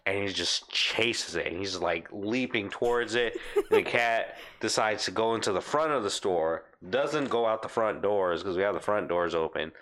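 A young man telling a funny work story in casual chat, animated, laughing and swearing, acting out what people said. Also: lowish voice, normal speed, hardly any pauses. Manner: animated, laughing often, swearing, acts out quotes.

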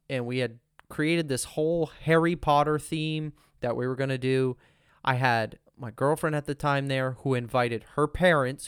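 A young man recounts band memories in a relaxed, chatty way, jumping into voices for the people he quotes. His tone is clear and resonant, recorded close and dry with no room sound. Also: medium pitch, no room sound. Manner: animated storyteller, acts out quotes. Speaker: band member. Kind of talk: casual storytelling chat.

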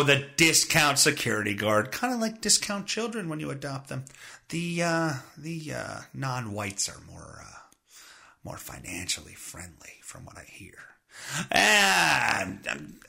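A man's voice: a little high, vocal fry, bright, forceful tone. A man hosting a podcast, delivering a profane, sarcastic, rambling comedic monologue. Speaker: podcast host.

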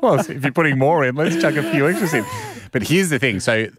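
A man's voice: on the high side, expressive, a little fast, a crowd in the background. A man in his thirties with an Australian accent, co-hosting a podcast and telling a rambling comedic anecdote full of restarts. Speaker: podcast co-host. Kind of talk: casual comedic storytelling.

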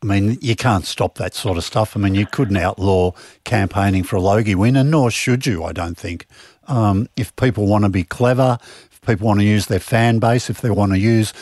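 A measured man co-hosting a radio chat, his voice fairly low. The sound is dry and close, with no room in it. He weighs each point and hedges his views. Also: darkish tone, no room sound. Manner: measured, hedging with "I think" and "I mean". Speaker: co-host.

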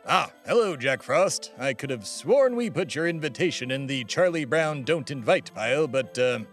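A man's voice: mid-range voice, expressive, moderate pace, faint music behind. A man in his forties hosting a comedy show, doing a brash mock-advertisement and sketch banter. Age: 40s.

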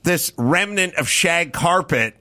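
A middle-aged man hosting a casual chat, telling a story with lots of swearing and loud bursts when he acts out his own lines. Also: a little high, slow pace. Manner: animated, profane, yells in retold lines. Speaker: podcast host.

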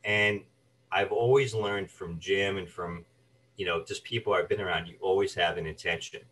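A man with a low voice recounts his acting career as a guest. He tells stories with energy and briefly puts on the voices of the people he quotes. He sits a little back from the microphone. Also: moderate pace, distant mic, slight background noise, low-quality recording. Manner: animated anecdotes, acts out quoted voices. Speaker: guest, actor and voice artist. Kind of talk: storytelling interview chat.

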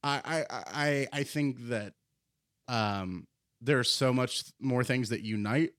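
A man's voice: mid-range voice, slow pace, a bit bright, no echo, clean studio sound. A man co-hosting a podcast, rambling through opinions with restarts and silly put-on voices. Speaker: podcast co-host. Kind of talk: casual chat.

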